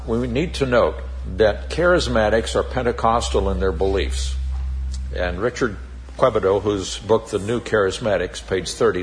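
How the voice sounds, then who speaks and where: A man giving a Bible teaching sermon, reading scripture emphatically and explaining it deliberately with occasional fillers. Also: fairly low pitch, slight background noise.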